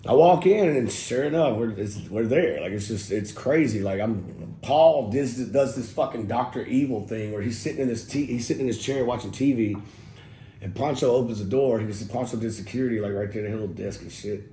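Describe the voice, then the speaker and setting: A middle-aged man, casually telling an interview story in a loose, profane, animated way and quoting people as he goes. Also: mid-range voice, brisk. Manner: loose, profane, animated retelling with quoted dialogue. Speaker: rapper telling his story as guest. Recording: roomy echo with faint background noise.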